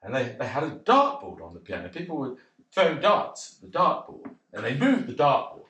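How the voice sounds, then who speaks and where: A man's voice: mid-range voice, wildly swooping pitch, normal speed, fairly bright tone. An actor playing a bashful, rambling cocktail pianist in a one-man stage monologue, hesitant and self-deprecating. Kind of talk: theatrical monologue. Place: theatre stage. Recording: roomy theatre.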